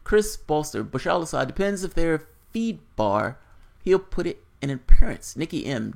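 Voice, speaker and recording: A man's voice: medium pitch, vocal fry. A man hosting casual political commentary on a livestream, reading viewer chat aloud and answering in a blunt, profane, rambling way.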